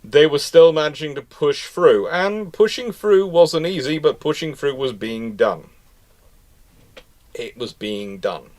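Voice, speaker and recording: A man presenting naval history in an enthusiastic, animated, informal lecture. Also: fairly high pitch, measured pace, few pauses. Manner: enthusiastic, animated storytelling with frequent restarts.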